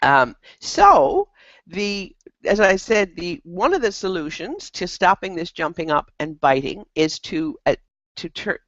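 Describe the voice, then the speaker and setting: Dog trainer, casual instructional talk, lively swooping pitch, dull dry recording. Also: unhurried, no echo. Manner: animated, loose, with frequent restarts.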